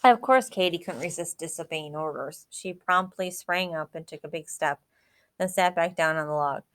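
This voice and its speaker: A woman narrates a children's chapter book in a clear, even reading voice. Her pitch sits a little low, and the close mic gives a dry sound. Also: moderate pace, no room sound. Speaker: audiobook narrator. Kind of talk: scripted storybook narration.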